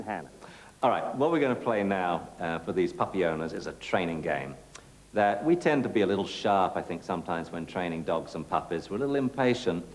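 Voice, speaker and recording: A man's voice: lowish voice, mellow, low-quality recording. Playful man training a class. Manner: playful, teasing, laughs often. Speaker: dog trainer. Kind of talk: demonstration to a class.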